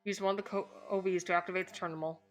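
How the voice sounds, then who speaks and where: A woman's voice: fairly low pitch, steady tone, very fast, faint music behind. Woman streamer reading game text aloud. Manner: reads all game text aloud, swearing and laughing at the story. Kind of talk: live game playthrough, reading dialogue aloud.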